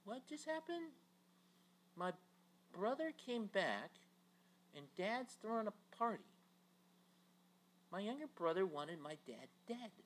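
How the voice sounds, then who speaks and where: A man's voice: high voice, very animated, takes it slowly, long pauses, pitched above the performer's own voice, full character voice, rough recording. A man voicing a resentful older brother who complains with indignant questions. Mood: aggrieved.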